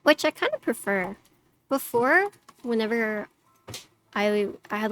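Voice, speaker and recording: A woman's voice: on the high side, animated, normal speed, pauses often. A woman livestreaming, chatting casually with her viewers and using lots of "like" fillers. Her voice has a slightly robotic noise-suppression filter. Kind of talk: casual chat with stream viewers.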